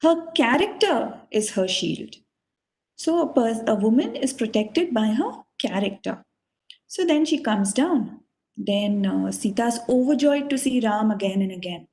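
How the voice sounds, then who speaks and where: A woman's voice: on the high side, a little mellow, poor audio. A woman teacher telling a sacred story to a children's class, earnest and full of fillers. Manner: earnest, with many fillers and restarts.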